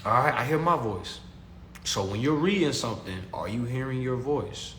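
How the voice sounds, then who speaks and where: A man's voice: mid-range voice, expressive, moderate pace, a bit bright, a little hiss or hum. Preachy young man in an echoey room. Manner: preachy, repetitive, calls listeners family. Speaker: consumer law class teacher. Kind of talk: casual talk to followers. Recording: echoey room with faint ambience.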